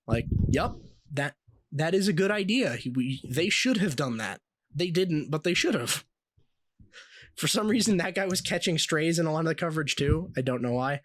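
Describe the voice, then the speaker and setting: A young man co-hosting a podcast, telling stories in a casual, animated way with plenty of swearing and laughter. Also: on the high side, normal speed, dry recording. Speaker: podcast co-host.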